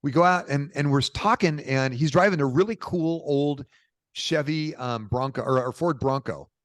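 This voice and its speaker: A middle-aged man from Portland, Oregon, telling stories as a podcast guest in a lively, informal way. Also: a little high, normal speed, no echo. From Portland, Oregon, USA. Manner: animated, informal, peppered with "dude" and "bro". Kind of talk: casual conversational storytelling.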